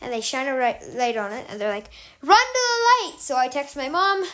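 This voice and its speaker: High-voiced woman telling a story. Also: a little fast. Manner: calm, chatty, loose with many fillers. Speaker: podcast host. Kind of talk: casual storytelling.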